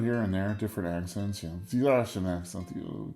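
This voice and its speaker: A man in his forties hosting a casual solo podcast, rambling in a wry, stream-of-consciousness way with a deep radio voice. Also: brisk, vocal fry, dark tone, soft background music. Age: 40s. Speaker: podcast host.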